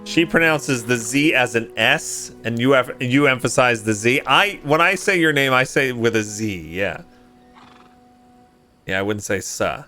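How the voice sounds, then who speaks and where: A man's voice: mid-range voice, animated, a little slow, sharp tone, soft background music. A man streaming a game live, chatting casually, thinking aloud and thanking viewers.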